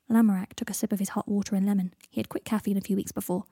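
A woman reading a story aloud as narrator, steady and measured. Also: mid-range voice, breathy edge, no echo, clean studio sound. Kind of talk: audiobook reading of fan fiction.

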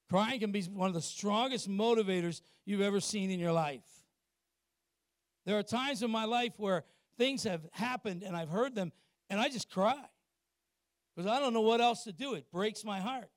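A middle-aged man preaches a sermon in church with a notably high voice. He punches key points loudly, then drops to quiet, confiding asides, and keeps turning to the congregation with questions. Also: dry recording, studio quality. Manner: asks the congregation questions and acts out little exchanges. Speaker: pastor.

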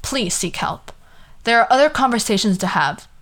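A woman's voice: fairly high pitch, animated, moderate pace, a bit bright. A young woman hosting a podcast, ranting casually in an exasperated, sarcastic way, swearing freely and trailing off into asides. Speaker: podcast host.

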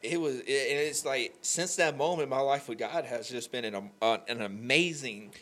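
A young man telling an emotional faith story on a podcast, animated and full of "like" fillers. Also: medium pitch, normal speed. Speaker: podcast guest. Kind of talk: candid faith conversation.

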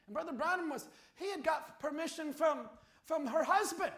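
A man preaching a sermon, telling a story and rising to shouted appeals. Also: very high-pitched, expressive, moderate pace. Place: church. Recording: echoey church hall.

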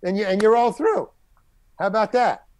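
In a dry recording, a high-pitched older man speaks at a moderate pace. He's a character actor sharing a career story in a relaxed interview, animatedly voicing the lines others spoke.

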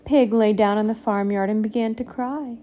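A woman reading a picture book aloud, slow and expressive, giving the animals little voices. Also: fairly high pitch. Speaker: storybook reader.

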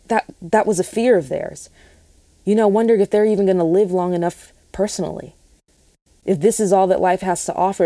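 A woman's voice: mid-range voice, dark tone, dry recording. A young woman sharing a Christian testimony in an earnest, rambling way, often restarting her sentences. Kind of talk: casual spoken testimony.

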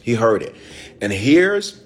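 A man's voice: medium pitch, big pitch swings, slow pace. A man who is a bishop and pastor delivers a sermon in a conversational, slangy way, repeating lines and calling out to the congregation. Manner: repetitive, call-and-response preaching.

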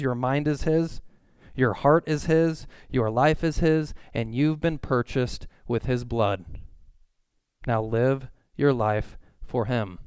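A young male pastor preaching earnestly, driving his points home through repeated phrases. His voice is smooth and resonant, at a middle pitch. The recording is dry and close, with no room sound. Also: dry recording. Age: young adult. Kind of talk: sermon.

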